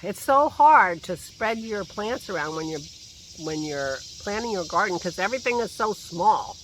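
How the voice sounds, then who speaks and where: A man with a high, animated, slightly bright voice rambles chattily at a moderate pace, laughing to himself as he vlogs from his garden. He holds the phone at arm's length, a slight cough lingers, and there's a little hiss or hum in the audio.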